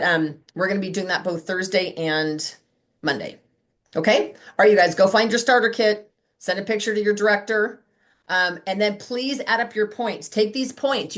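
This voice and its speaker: A middle-aged woman leading a motivational team call for sales consultants, chatty and animated, acting out quoted voices. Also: medium pitch.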